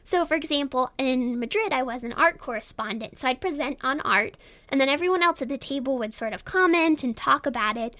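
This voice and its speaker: A young woman with a high, girlish voice, talking as a guest in a casual radio interview, chatty and self-deprecating, laughing often. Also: expressive, fairly quick, bright, forceful tone, no room sound. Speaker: guest, student radio presenter. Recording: dry studio sound.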